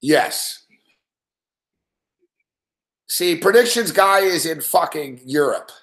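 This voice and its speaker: A man's voice: a little high, expressive, takes it slowly, a bit bright, echoey room. A man hosting a sports betting show live, ranting in a casual, profane, rambling way and laughing often. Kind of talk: casual live-stream rant.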